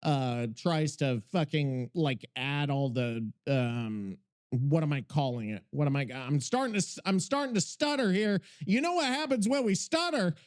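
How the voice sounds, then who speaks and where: A man's voice: fairly high pitch, animated, moderate pace. A man hosting a gaming podcast, talking loosely and profanely with frequent rambling. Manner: loud, profane, laughing, rambling. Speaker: podcast host. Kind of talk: casual chat.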